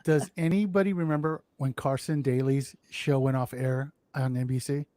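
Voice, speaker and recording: A man's voice: medium pitch, fairly even intonation, moderate pace, warm tone, dry recording. A man co-hosting a podcast, insistent and cursing in casual chat. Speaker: podcast co-host.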